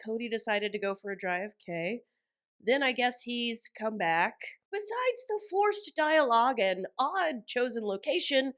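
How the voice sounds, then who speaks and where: A woman's voice: on the high side, a bit bright. A woman hosting a reality TV recap, talking in a sarcastic, joking commentary style. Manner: sarcastic, jokey, mock voices.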